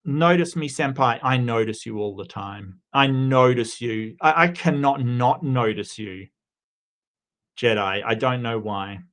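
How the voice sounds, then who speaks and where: A man's voice: mid-range voice, a little slow, a bit bright. Chatty Australian man hosting a stream. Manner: chatty, frequent restarts and fillers, greets viewers by name. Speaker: livestream host. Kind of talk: casual livestream commentary.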